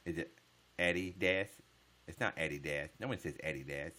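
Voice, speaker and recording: Deep-voiced joking male streamer. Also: fast, pushed and bright. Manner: joking, profane, riffing. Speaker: live streamer. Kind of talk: casual live-stream chat answering viewers.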